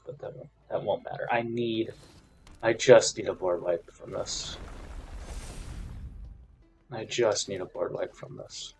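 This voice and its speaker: A man giving casual commentary over a card game match, frustrated, swinging between loud complaints and quiet muttered counting. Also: lowish voice, creaky.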